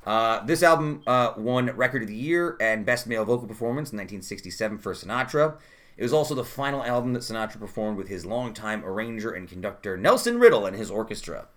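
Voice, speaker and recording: A man's voice: on the low side, animated. Chatty man hosting a podcast. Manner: chatty, quick asides, reads trivia aloud. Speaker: podcast host. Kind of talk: casual chat.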